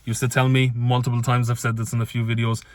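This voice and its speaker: A man's voice: medium pitch, fast, dry recording. Man ranting to camera, dry sound. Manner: energetic, emphatic, repeats phrases; swears casually. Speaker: online business vlogger. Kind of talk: motivational rant to camera.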